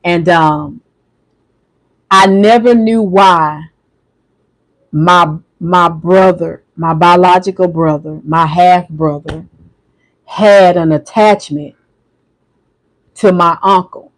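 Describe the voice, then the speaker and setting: Soft-spoken halting man with high voice. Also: fairly even intonation, low-quality recording. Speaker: livestream host. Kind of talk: emotional livestream monologue.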